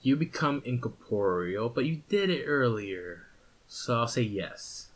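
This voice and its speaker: A man's voice: medium pitch, expressive, measured pace, slightly rough. A man narrating a tabletop game as game master, in a casual way with fillers and restarts.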